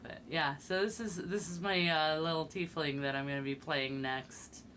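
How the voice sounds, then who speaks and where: A woman's voice: low-pitched, steady tone, moderate pace, fairly bright tone, slight background noise. A woman streaming while painting miniatures, chatting casually and rambling with fillers. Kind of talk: casual chat.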